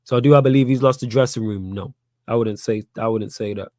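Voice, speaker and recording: With a brisk, mellow, mid-range voice and no echo, a young Manchester-accented fan channel host takes questions on a live fan stream. He's from Manchester, England, and comes across blunt and repetitive, heating up as he makes his case.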